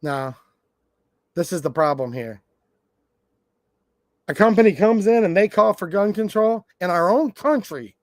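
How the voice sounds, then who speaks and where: A man's voice: high voice, animated, measured pace, pauses often, no room sound, clean studio sound. A man hosting his channel, delivering a blunt, sarcastic rant to his viewers. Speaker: gun channel host. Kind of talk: ranting livestream monologue.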